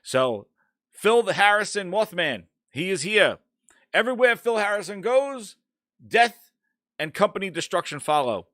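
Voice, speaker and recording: A man hosting a casual gaming podcast, ranting loudly and swearing as he talks through the news. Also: sits high, unhurried, no room sound, clean studio sound. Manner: ranting, profane, animated. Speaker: podcast host.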